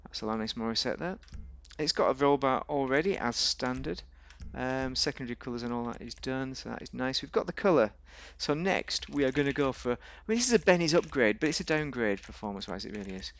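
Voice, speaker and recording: A man with a gravelly, fry-tinged voice talks his way through a game in loose, chatty commentary. He rambles, jokes and argues with himself, and his pitch jumps up and down mid-sentence. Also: expressive, fairly quick, few pauses, fairly bright tone. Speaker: gaming video host. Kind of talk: casual gameplay commentary.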